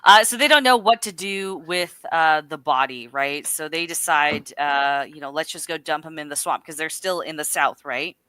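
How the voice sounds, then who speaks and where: A woman's voice: sits low, normal speed, hardly any pauses, clear, resonant tone, no room sound. A woman casually recapping a film on a livestream podcast, acting out the characters' lines as she tells it. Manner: animated storytelling, acting out quotes. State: a little nervous.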